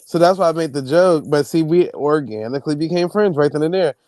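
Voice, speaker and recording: A man hosting a stream, telling travel stories in a casual, animated and profane way. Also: fairly high pitch, a little fast, no echo, poor audio. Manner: animated, profane, acts out quoted people. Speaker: stream host. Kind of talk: casual storytelling chat.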